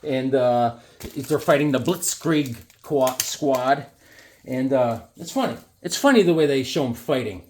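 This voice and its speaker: A man's voice: mid-range voice, lively intonation, unhurried, a little mellow, a little hiss or hum. A man, chatting casually about comics and rambling through stories while acting out the people he quotes. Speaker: comic collector vlogger. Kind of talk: casual chat showing comics.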